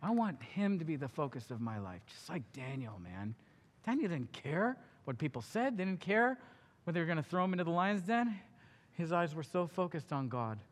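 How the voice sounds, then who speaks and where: A man with a high voice preaching a sermon, his words ringing with the long reverb of a big hall. He is impassioned and swings between loud urgent stretches and hushed ones. He drops in casual asides like a friend talking. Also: big pitch swings, moderate pace. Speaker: pastor.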